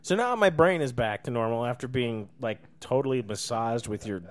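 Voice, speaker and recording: Lively joking male podcast host. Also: mid-range voice, moderate pace. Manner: joking, swears, animated. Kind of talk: casual podcast interview.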